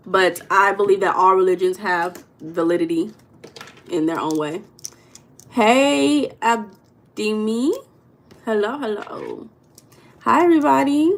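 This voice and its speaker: A woman's voice: lowish voice, a bit bright. Chatty woman livestreaming. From United States. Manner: chatty, greets chat viewers by name. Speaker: livestream host. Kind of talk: casual livestream chat.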